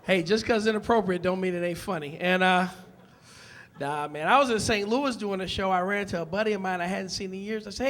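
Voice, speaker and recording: Guy from detroit doing stand-up, high bright voice, punchy and loud, acts out bits. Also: brisk. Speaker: stand-up comedian. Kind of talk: stand-up comedy set. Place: comedy club stage.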